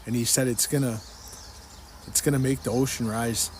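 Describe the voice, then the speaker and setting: With a steady, mid-range voice at normal speed, this man earnestly recounts a dream as part of his religious testimony, repeating again and again the words spoken to him. A little hiss or hum sits under the audio.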